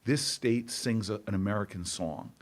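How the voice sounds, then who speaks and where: A middle-aged man, a senator, speaking as an interview guest in a stirring, oratorical way and repeating phrases for rhythm. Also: on the low side. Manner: slow, emphatic delivery. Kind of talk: interview with speech-like rhetoric.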